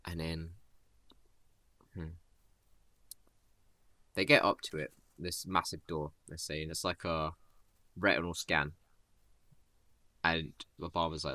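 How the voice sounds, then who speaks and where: Deep-voiced laid-back male storyteller. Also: fairly even intonation, slow pace, long pauses, bright, forceful tone, no echo. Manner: rambling, laid-back, voices characters in quotes. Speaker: storyteller improvising a tale. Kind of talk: casual improvised storytelling.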